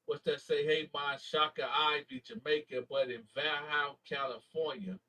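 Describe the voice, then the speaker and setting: A man from Flint, Michigan, hosting his YouTube channel, casually shouting out viewers in slangy talk and stumbling over names as he corrects himself. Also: on the high side, fairly even intonation, recorded from a distance, low-quality recording. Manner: slangy, halting name reading with self-corrections.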